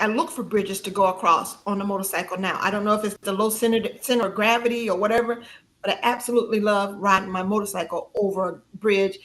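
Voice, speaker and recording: A woman guest on a podcast telling a personal story in an animated conversational way, laughing often and jumping high in pitch when she quotes herself.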